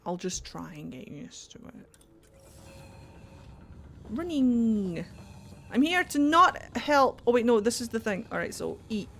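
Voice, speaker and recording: A woman's voice: a little high, sing-song, moderate pace, creaky, hardly any pauses, a bit bright, slight background noise. A woman streaming a video game, chatting playfully to herself and her viewers, swearing freely and breaking into silly voices. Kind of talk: casual let's-play commentary.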